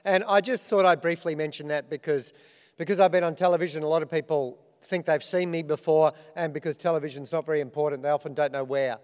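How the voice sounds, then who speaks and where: A man's voice: on the high side, fairly even intonation, fast talker, darkish tone. Wry Australian man hosting in a big hall. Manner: self-deprecating storytelling with dry punchlines. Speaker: awards host. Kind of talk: comic opening speech.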